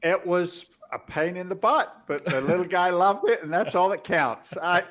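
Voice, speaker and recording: Man, co-host, casual banter, jokey storyteller, a bit higher voice. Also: moderate pace, a bit bright. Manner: joking, storytelling, teasing banter. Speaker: podcast co-host. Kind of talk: casual chat.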